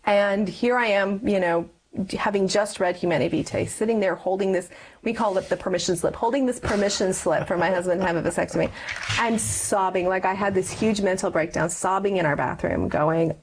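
A woman's voice: medium pitch, fairly quick, a little hiss or hum, poor audio. A woman in her forties giving a personal testimony in an interview, earnestly telling her story and acting out past conversations. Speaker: guest.

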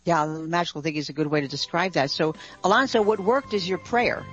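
A woman co-hosting a Catholic call-in radio show, calmly reassuring and advising a caller. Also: on the low side, fairly quick, highs cut off, faint music behind.

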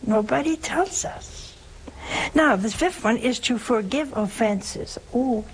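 A woman's voice: on the high side, slow pace, background noise. A woman giving an informal sermon in a homey, humorous way, asking her listeners rhetorical questions. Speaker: religious speaker.

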